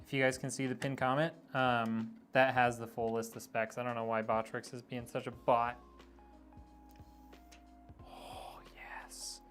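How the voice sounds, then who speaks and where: A man's voice: mid-range voice, level tone, a little slow, a bit bright, faint music behind. A middle-aged man live-streaming a PC build, chatting casually, thinking aloud with plenty of ums and likes while he works.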